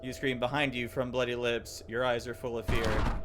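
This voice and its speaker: A man's voice: mid-range voice, moderate pace, music in the background. Man streamer reading game text aloud. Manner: animated reading with stumbles and laughs.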